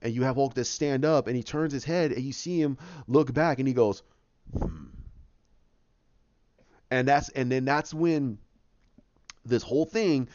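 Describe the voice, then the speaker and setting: A man hosting a podcast, eagerly retelling a story in a fast, animated way with frequent restarts. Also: medium pitch, a little hiss or hum. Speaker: podcast host. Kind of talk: excited casual retelling. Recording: dull, dry lo-fi audio.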